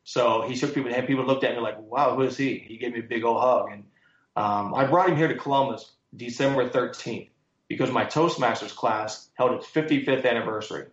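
A man being interviewed as a guest speaker, telling lively stories and quoting others with emphasis. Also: medium pitch, a little fast. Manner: animated storyteller, quotes others with emphasis. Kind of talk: storytelling interview answers. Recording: echoey, muffled sound.

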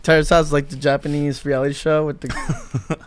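A man with a fairly high voice jokes with his friends on a podcast. He teases them and doubts their stories in a relaxed chat. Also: a little fast. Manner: skeptical ribbing. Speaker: podcast guest. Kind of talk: casual podcast banter.

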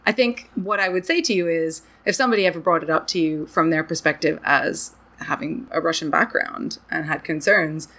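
A young woman with a somewhat low voice chats casually as a podcast co-host. She talks animatedly, scatters "like" through her sentences, and her pitch jumps up when she gets excited. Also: gravelly. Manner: animated, chatty, many "like" fillers. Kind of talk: casual chat.

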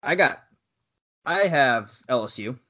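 A man co-hosting a casual sports podcast, quick to argue and needle the others. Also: mid-range voice, animated, bright, forceful tone. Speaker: podcast co-host. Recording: dull lo-fi podcast audio.

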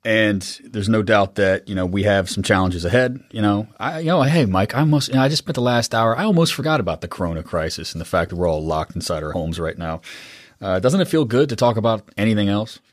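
A man's voice: lowish voice, animated, fairly quick, no echo, clean studio sound. A man hosting a podcast, chatting casually and self-deprecatingly with many fillers. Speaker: podcast host. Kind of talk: casual interview chat.

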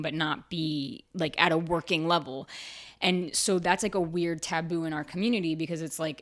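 A woman actor and writer talking frankly in a casual interview, full of "like" fillers, her voice jumping high whenever she quotes herself. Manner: chatty and frank, fillers like "like", jumps high when quoting herself. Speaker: actor and writer, podcast guest.

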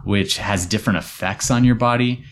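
Low-voiced man telling a story casually. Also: moderate pace, slight background noise. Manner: relaxed, explanatory, drops to quiet asides. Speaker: storyteller host.

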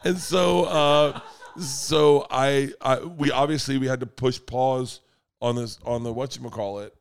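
A man sits in as a podcast guest, spinning casual comedy anecdotes. He swears freely and his voice jumps up high when he cracks himself up. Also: fairly even intonation, measured pace, gravelly, clear, resonant tone. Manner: swearing, bursts into loud high laughter.

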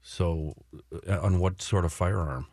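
A man's voice: sits low, unhurried, darkish tone. A man filling in as co-host on a sports radio show, sarcastic and argumentative in casual banter. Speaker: fill-in co-host. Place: radio studio.

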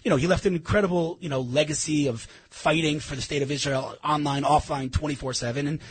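A man speaking as a guest on a radio talk show, arguing with passion and rising to an intense pitch. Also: steady tone, fast, breathy edge, no room sound. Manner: impassioned, rising to near-crying intensity. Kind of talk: radio interview. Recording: radio broadcast.

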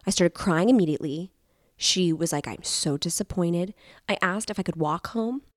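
Woman, lowish voice, casual storytelling, animated, self-deprecating, dry close mic. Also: fairly quick, no room sound.

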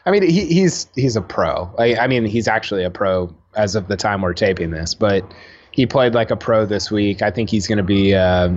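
A man's voice: on the low side, normal speed, dull audio. A man co-hosting a casual sports podcast, chatty and full of fillers and restarts. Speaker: podcast co-host.

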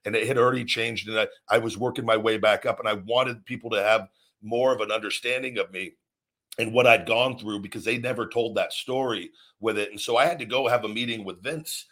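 A man with a low voice talks at length in a motivational podcast. He is earnest and wanders through his points, often restarting a sentence before finishing it. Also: fairly even intonation, a little fast, fairly bright tone. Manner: rambling, earnest, many restarts. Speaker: podcast host, former wrestler.

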